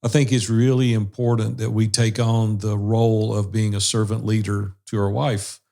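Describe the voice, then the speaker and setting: A man's voice: fairly low pitch, flat delivery, normal speed, vocal fry, darkish tone. A man hosting a casual panel discussion over a video call, speaking in an earnest, storytelling way. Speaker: podcast host.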